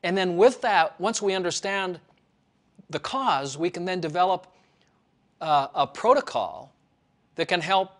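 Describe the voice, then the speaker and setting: Male author, fairly high pitch, emphatic and preachy, repeats himself. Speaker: health author. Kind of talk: promotional monologue.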